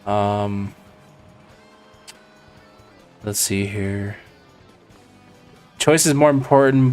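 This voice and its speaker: A man chats casually on his live stream as he races, drifting off into a long, wandering story. His pitch sits in an ordinary middle range, and faint game music plays behind him. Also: smooth. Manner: rambling, digressive storytelling. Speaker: live stream gaming host. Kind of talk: casual chat while playing a racing game.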